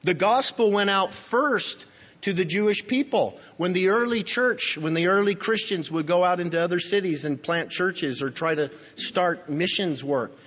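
Guy preaching, kinda high husky voice, explains stuff and talks right at the congregation, echoey hall, muffled lo-fi sound. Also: moderate pace, a bit bright. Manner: teaching, emphatic, addresses listeners directly. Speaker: pastor. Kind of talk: sermon. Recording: dull, lo-fi recording in a reverberant hall.

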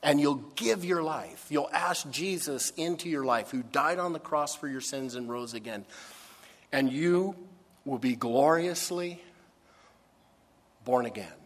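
Earnest preacher in a reverberant hall. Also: male voice, a little high. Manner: earnest, emphatic preaching with dramatic pauses. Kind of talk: sermon. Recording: long reverb of a large hall.

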